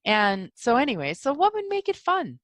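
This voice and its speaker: A woman's voice: sits high, wildly swooping pitch, moderate pace, fairly bright tone, dry recording. A woman hosting a solo podcast, rambling and giggling as she talks through yawns about spiritual ideas. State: yawning, sleepy. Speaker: podcast host. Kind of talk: casual solo podcast talk.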